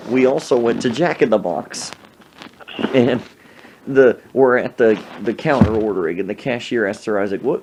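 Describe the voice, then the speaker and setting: A man hosting a podcast, telling funny anecdotes in a casual, animated way and acting out the people in them. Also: lowish voice, background noise. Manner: animated anecdote telling with acted-out sneezes and voices. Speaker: podcast host. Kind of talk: casual storytelling.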